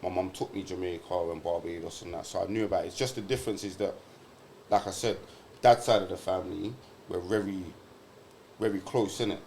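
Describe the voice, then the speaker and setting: A man's voice: sits low, fairly quick, a little hiss or hum. A young British man on a podcast, chatting casually and animatedly with London slang. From Britain. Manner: animated, uses London slang like innit and bruv. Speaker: podcast co-host. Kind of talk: casual chat.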